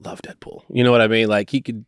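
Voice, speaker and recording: A man's voice: fairly low pitch, level tone, fast talker, clean tone, no room sound, studio quality. A man who works as an actor, chatting as a guest in a laid-back, rambling way. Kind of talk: casual interview chat.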